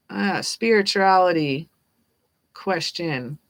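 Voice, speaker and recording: Woman hosting a live tarot stream: bright, forward tone, playful and encouraging, takes her time. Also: fairly low pitch, unhurried. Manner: upbeat, playful, affirming. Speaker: tarot reader.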